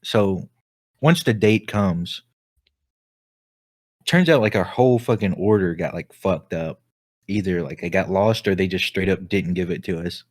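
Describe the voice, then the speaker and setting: A young man with a fairly low voice tells a story on a casual podcast. He swears freely and keeps breaking into laughter as he talks. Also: a little slow, long pauses. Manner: laughs often while telling stories. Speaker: podcast co-host. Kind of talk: casual chat.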